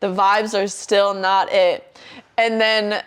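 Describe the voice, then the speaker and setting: A young woman telling a story in casual podcast chat, animated and swearing often, acting out her own quotes. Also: mid-range voice, slow pace, smooth.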